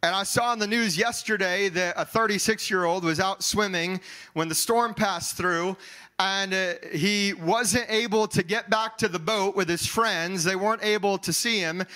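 A man preaching a sermon as pastor, slipping into sung cadences and calling out his points with shouts. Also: high-pitched, moderate pace, low-quality recording.

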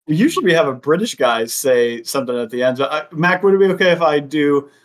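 A man's voice: a little high, lively intonation, a little fast. An American man co-hosting a sports podcast in casual chat, laughing often and rambling through restarts. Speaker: podcast co-host.

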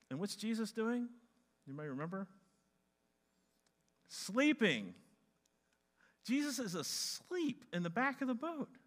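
A man preaching a sermon to a congregation, dramatizing Bible stories with animated shouts. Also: high voice, a little slow, long pauses. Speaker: pastor.

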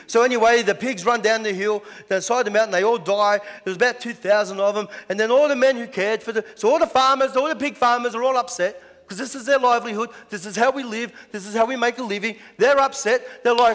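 A man's voice: high-pitched, a bit bright. A man preaching a sermon as pastor, chatty, with lots of rhetorical questions. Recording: echoey hall.

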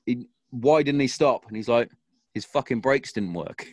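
A man's voice: medium pitch, normal speed, background noise. A man and army veteran, telling a war story in casual chat with a lot of swearing and acted-out quotes.

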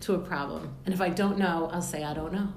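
A woman's voice: lowish voice, steady tone, fast talker, creaky, a little mellow. Bubbly woman hosting a podcast chat. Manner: bubbly, laughs often, jokey. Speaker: podcast host. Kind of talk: casual interview chat. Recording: roomy with faint background noise.

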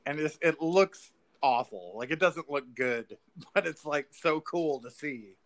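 A man in casual podcast chat, rambling excitedly through a story with lots of filler words and swearing. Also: a little high, measured pace. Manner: rambling, profane, filler-heavy, says "like" and "dude".

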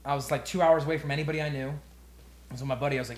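Animated young man telling a story. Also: mid-range voice, racing, a little hiss or hum. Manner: animated storyteller, acts out quotes, swears freely. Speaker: podcast co-host. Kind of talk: casual storytelling chat.

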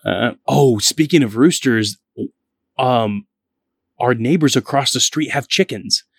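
A man's voice: medium pitch, takes it slowly, creaky, husky, dry recording. A man from Kentucky chatting casually, rambling a bit with lots of fillers and restarts. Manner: relaxed, rambling, many fillers and self-corrections. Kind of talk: casual chat.

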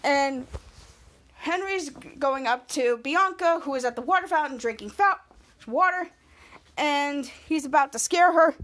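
A woman's voice: high-pitched, lively intonation, unhurried, a bit bright. A woman podcast host casually recapping an episode, rambling and stringing lines together with "and he's like".

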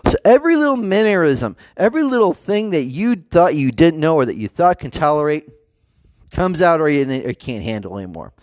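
A man's voice: a little high, big pitch swings, brisk, a little mellow, no room sound. A man vlogging in a casual monologue. He rambles, restarts often and acts out quotes.

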